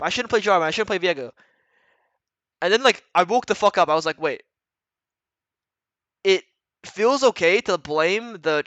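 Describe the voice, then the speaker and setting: A man's voice: sits high, sharp tone, dry recording. A man giving blunt, profane, rambling coaching talk to viewers in a casual livestream chat. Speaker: retired pro gamer coaching viewers.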